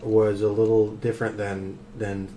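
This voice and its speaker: A man's voice: fairly low pitch, level tone, moderate pace, warm tone, a little hiss or hum. Rambling young man telling a story. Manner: rambling storyteller, lots of fillers. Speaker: podcast host. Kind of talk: casual podcast banter.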